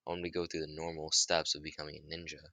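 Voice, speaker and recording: A man's voice: rumbling low, little pitch movement, very fast, pushed and bright, dry recording, full character voice. A man voicing a brash, easygoing young male ninja who talks in a casual, slangy way. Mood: casual, confident.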